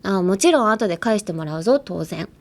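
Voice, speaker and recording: A woman's voice: medium pitch, lively intonation, rapid-fire, a little mellow, close to an everyday voice. A woman reading as a flustered teenage boy. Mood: defensive. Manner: defensive, stammering.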